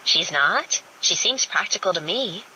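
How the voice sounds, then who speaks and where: A woman voicing a gentle, heartsick young woman who speaks softly and placatingly. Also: fairly low pitch, lively intonation, measured pace, a little hiss or hum, full character voice, poor audio. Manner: soft, placating.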